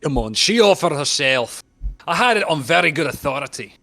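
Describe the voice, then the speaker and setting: A man voicing a gruff, pushy troll detective in a put-on Scottish brogue for a video game playthrough. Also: mid-range voice, flat delivery, a little slow, a little mellow, natural voice. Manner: mock Scottish brogue, blustering.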